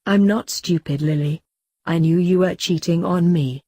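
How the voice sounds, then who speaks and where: A woman voicing a gentle, devoted young husband while reading a story aloud. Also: on the low side, moderate pace, dry recording, clean studio sound, close to an everyday voice. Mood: tender.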